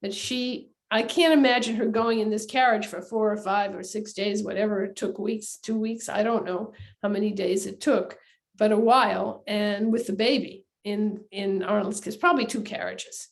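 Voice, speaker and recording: A woman author giving a book talk, telling a historical story in a chatty, animated way with many fillers and restarts. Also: medium pitch, moderate pace, gravelly. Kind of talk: informal storytelling lecture. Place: lecture hall.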